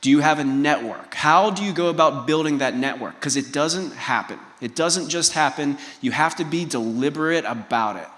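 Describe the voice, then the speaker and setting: A man's voice: a little high, moderate pace, hardly any pauses, a bit bright, long reverb tail. A man giving a motivational keynote, telling a personal story and asking the audience direct questions. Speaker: keynote speaker. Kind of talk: motivational talk.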